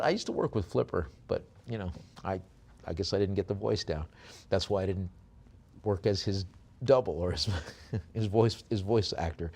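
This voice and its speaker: A man working as an auctioneer. He describes each lot slowly, with many fillers, then chants the bids in quick runs. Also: low-pitched, darkish tone. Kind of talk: live auction bid calling.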